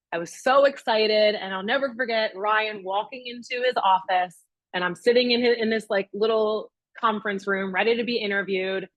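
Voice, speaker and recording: At a master class, a young real estate agent recounts a personal story, quoting herself and others with animated flair. She has a mid-range voice, and the recording is dry.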